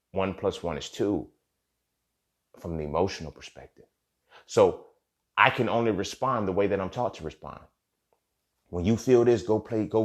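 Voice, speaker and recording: Impassioned man with a low voice. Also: darkish tone. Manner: impassioned, conversational, swears freely, repeats "you feel me". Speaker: podcast host. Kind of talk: casual monologue.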